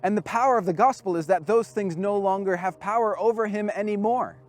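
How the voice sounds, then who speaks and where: Earnest, higher-voiced male preacher. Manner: earnest, with dramatic pauses, often dropping to a hush. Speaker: camp speaker. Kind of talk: storytelling sermon.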